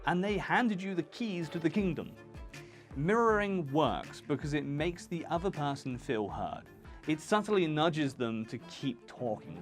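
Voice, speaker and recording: A man hosting a video lesson for freelancers, talking in a punchy, emphatic, conversational way. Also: a little high. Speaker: channel host teaching freelancers.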